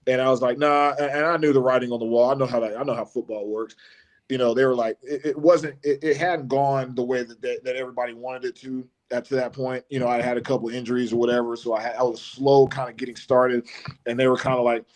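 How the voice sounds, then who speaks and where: A man, a former college football player telling casual stories as a guest on a live show, often restarting and laughing. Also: fast talker. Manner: animated storyteller who mimics his coach in a high voice, laughs often, many restarts.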